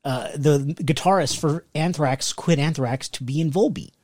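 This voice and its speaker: Deadpan podcast guy, dry close sound. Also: on the high side, normal speed, dry recording. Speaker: podcast co-host. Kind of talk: casual banter.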